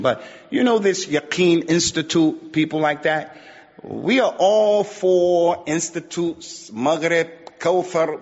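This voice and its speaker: A man preaching a sermon, emphatic and repetitive, mixing Arabic phrases into his points. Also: high voice. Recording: muffled audio with long hall reverb.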